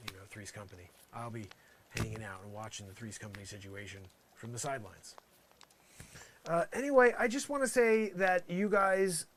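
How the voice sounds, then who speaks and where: A man delivering an improvised comic monologue in a rambling, mock-earnest way, full of "you know" fillers, swinging between loud outbursts and muttered asides. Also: mid-range voice, a little hiss or hum. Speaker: comedy vlogger.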